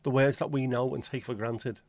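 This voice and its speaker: A man with a Liverpool accent chats loosely on a livestream, cracking jokes, swearing casually and calling out viewers by name. His voice sits at an everyday middle pitch. The sound is close and dry, with no room echo. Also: steady tone, fairly quick, darkish tone. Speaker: livestream host.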